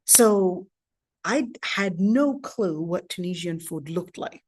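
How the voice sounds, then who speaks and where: A woman's voice: on the low side, lively intonation, takes it slowly, a little mellow, slight background noise. Chatty woman lecturer telling stories. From Palestine. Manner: chatty, storytelling, frequent restarts and asides. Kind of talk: casual lecture with personal anecdotes.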